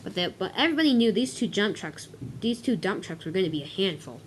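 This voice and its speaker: A woman's voice: mid-range voice, expressive, fast, very noisy. A woman narrating an amateur toy-train story, often stopping to correct herself. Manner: restarts and self-corrections.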